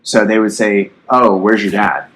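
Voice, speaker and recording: A man's voice: fairly low pitch, steady tone, moderate pace, a bit bright, a little hiss or hum, low-quality recording. A young man in his twenties hosting a casual podcast, rambling bluntly with lots of swearing and fillers; his voice sounds youthful. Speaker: podcast host.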